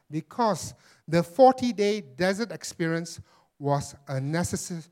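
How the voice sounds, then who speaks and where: Man pastor preaching, slightly higher voice, emphatic, repeats himself, keeps saying friends. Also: darkish tone. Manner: emphatic, repeats phrases, addresses listeners as friends. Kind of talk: sermon.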